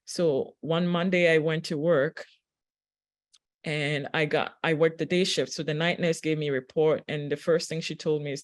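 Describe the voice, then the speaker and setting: A woman giving a reflective spiritual talk, telling a personal story in a gentle, unhurried way with pauses and fillers. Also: low-pitched, steady tone. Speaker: spiritual teacher; registered nurse.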